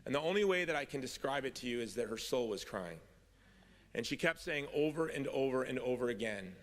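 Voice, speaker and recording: Speaking a little fast, a middle-aged man delivers his testimony at a convention in an animated, medium-pitched voice with a bit of brightness. The story starts with wry humour before growing earnest, echoing with long reverb in a large hall.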